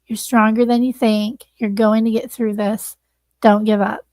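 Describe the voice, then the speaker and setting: A woman's voice: fairly high pitch, flat delivery, measured pace, a little mellow, dry recording. A woman hosting a livestream, earnestly thanking viewers and close to tears. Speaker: livestream host. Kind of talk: casual livestream sign-off.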